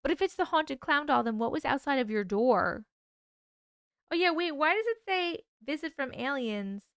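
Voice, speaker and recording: A woman's voice: high voice, animated, normal speed, fairly bright tone, no room sound, clean studio sound. Sleepy, chatty woman streamer. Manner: chatty, yawning, reacting to chat with swearing and laughs. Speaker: livestream host reading viewer stories. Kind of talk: casual livestream chat.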